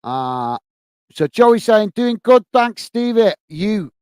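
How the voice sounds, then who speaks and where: A man hosting a casual live stream, reading out viewers' chat messages and thanking each by name, calling everyone mate and filling pauses with uhs. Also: high voice, big pitch swings, clear, resonant tone, no echo. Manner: friendly, calls everyone mate, many filler uhs.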